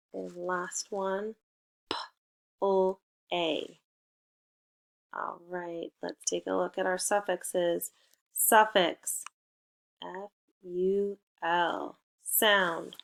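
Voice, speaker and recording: In a recorded phonics lesson for young children, a woman with a lowish voice and vocal fry spells out letters slowly. She leads the kids through a playful call-and-response.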